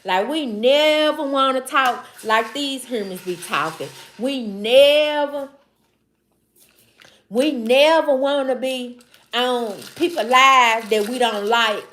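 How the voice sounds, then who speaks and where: A woman's voice: high voice, slow, a bit bright, a little hiss or hum. A woman with a Southern accent from Mississippi, hosting a casual livestream and talking straight to her chat in a loose, slangy way that repeats itself. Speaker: livestream host. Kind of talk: casual live-stream chat.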